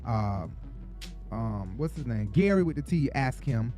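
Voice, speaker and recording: A man from Atlanta hosting a gossip show, telling stories in a sassy, profane, animated way. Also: medium pitch, measured pace, faint music behind. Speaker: show host. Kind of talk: casual gossip commentary.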